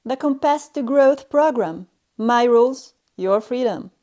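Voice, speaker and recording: A woman with a fairly high voice teaches a language lesson in a stern, scolding tone. She talks down to her students. She delivers short, clipped phrases and pauses between them. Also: animated, mellow. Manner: stern, cold and condescending. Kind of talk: scripted lesson narration.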